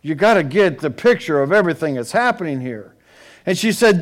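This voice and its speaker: High-pitched male preacher; vivid, dramatic Bible storytelling. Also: animated, fairly quick. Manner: dramatic, storytelling, with rising and falling intensity. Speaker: pastor. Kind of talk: sermon.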